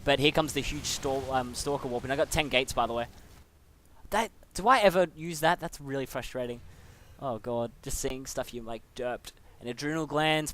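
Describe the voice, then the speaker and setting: A man's voice: mid-range voice, pushed and bright. A young man casually commentating a replay of his own match, chatty and self-mocking.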